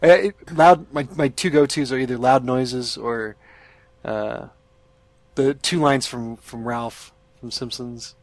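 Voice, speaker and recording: A man's voice: mid-range voice, slow, no echo. A man chatting casually as a podcast co-host, rambling, laughing often and swearing freely. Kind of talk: casual chat.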